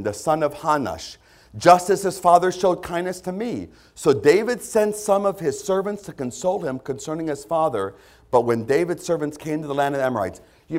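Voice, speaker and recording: Male pastor, conversational sermon with lively pitch, acts out quotes. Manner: lively, conversational preaching with sudden loud put-on voices.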